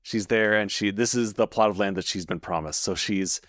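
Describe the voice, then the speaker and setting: A man's voice: lowish voice, a little fast, no room sound, clean studio sound. A man co-hosting a podcast, casually recapping a TV episode scene by scene. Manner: relaxed, recaps scenes with quoted lines. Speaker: podcast co-host.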